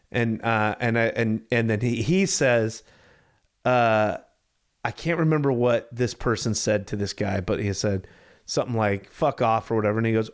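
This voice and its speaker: A man in his thirties tells a story as a podcast co-host, his voice sitting at an ordinary middle pitch. He acts out the people in the story with lively quoted voices. The delivery is casual and chatty. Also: moderate pace. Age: 30s.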